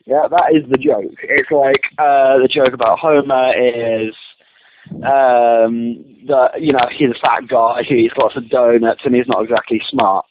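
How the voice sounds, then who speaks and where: A man's voice: mid-range voice, fairly even intonation, unhurried. A man in a casual argument, defensive and stammering with many restarts. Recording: tinny phone-like line, faint hiss.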